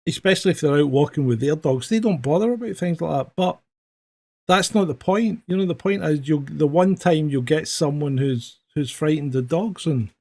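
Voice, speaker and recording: A man's voice: a little high, moderate pace, vocal fry. A man with a Scottish accent, a former police officer, chatting casually on a podcast and animatedly telling a story. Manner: animated storyteller, acts out dialogue. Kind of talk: casual chat, anecdote telling.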